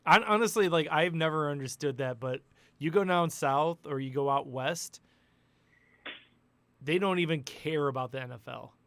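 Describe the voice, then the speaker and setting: A man's voice: on the high side, moderate pace, a bit bright, clean tone, no echo. A man hosting a casual sports podcast, rambling and chatty, laughing often. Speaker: podcast host.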